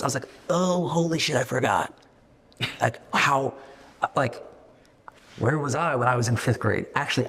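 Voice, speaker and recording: A middle-aged man, a company founder, talking fast and casually to his staff, swearing freely and acting out little voices as he goes. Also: mid-range voice, husky, long reverb tail. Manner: fast, profane, animated, acts out voices. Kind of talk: casual meeting talk to staff.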